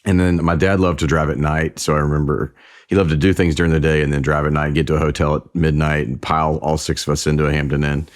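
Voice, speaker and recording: A man in his forties with a very deep, low voice, the guest on an interview show. He tells family stories in a relaxed, conversational way, sometimes restarting his sentences. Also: quick pace. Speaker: singer-songwriter guest.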